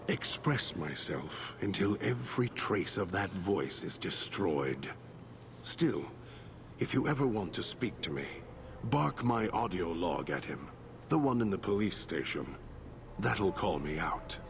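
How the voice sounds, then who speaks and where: An actor playing a bitter, hateful male super mutant alter ego in a video game, slow and seething, dropping into rasping whispers. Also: lowish voice, heavily acted. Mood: brooding. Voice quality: gravelly, slow and brooding. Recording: clear background noise in game audio.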